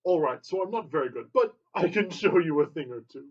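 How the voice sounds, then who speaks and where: Man, high voice, mock-grand craft showman, dull lo-fi audio. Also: expressive, fairly quick. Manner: grandiose then self-deprecating. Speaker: leatherworking demonstrator. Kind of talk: self-mocking show introduction.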